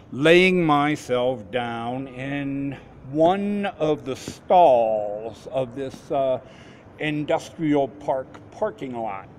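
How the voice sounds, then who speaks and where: A man in his fifties recounts a personal story at an unhurried, drawn-out pace. His voice sits a little high for a man, and he often trips over his words and starts sentences again. A faint hiss runs underneath. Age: 50s. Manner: halting, with frequent restarts and repeated words. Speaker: formerly homeless man recounting an experience.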